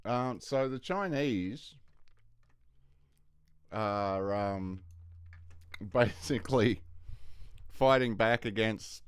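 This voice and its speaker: A man's voice: on the low side, expressive, very slow, long pauses, smooth, no echo. Rambling, profane male stream host. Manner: rambling, profane, laughs a lot. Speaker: livestream host. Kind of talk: casual rambling chat.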